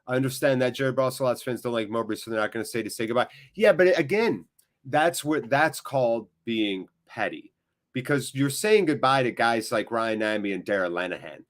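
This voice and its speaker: A man's voice: medium pitch, animated, brisk. An American man hosting a live football watchalong, chatting in a rambling, casual way straight to his viewers, sounding emotionally drained. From United States. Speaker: watchalong host.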